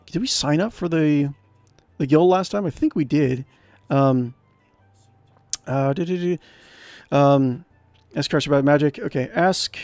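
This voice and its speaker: A man's voice: fairly high pitch, darkish tone, no room sound. Chatty man streaming a text game. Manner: rambling, chatty, many fillers and restarts. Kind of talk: let's-play commentary, reading game text aloud.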